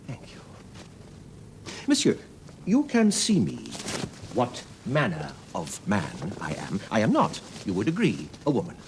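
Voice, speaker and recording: A man's voice: lowish voice, wildly swooping pitch, measured pace, pauses often, a little hiss or hum. An older man playing a retired stage actor in a period TV drama, speaking in a grand, courtly, theatrical way.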